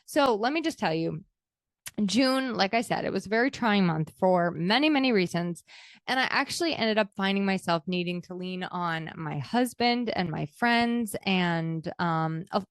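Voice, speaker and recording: A woman's voice: medium pitch, expressive, moderate pace, no room sound, studio quality. A woman hosting her own podcast, speaking candidly and reflectively, sometimes emotional. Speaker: podcast host. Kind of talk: reflective personal podcast talk.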